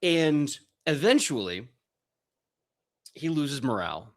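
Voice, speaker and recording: A man's voice: mid-range voice, measured pace, pauses often. Laid-back male game master. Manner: relaxed, joking narration. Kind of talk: narrating a tabletop game.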